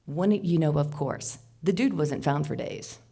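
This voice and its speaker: A woman telling a personal story live to an audience, animated, moving between hushed asides and loud outbursts. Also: sits low, normal speed, vocal fry, slightly rough, faint music behind. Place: stage before an audience.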